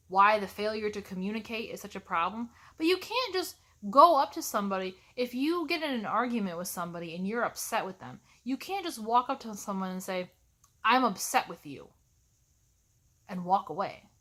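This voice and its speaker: A woman's voice: medium pitch, expressive, a little fast, fairly bright tone. Snarky exasperated woman instructor. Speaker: college instructor. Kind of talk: ranting vlog to camera.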